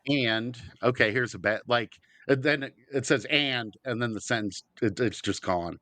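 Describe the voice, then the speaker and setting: Man, podcast co-host, reads news aloud, laughs a lot, crisp voice. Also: medium pitch, moderate pace, bright, forceful tone, dry recording. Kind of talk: casual comedy chat, reading news.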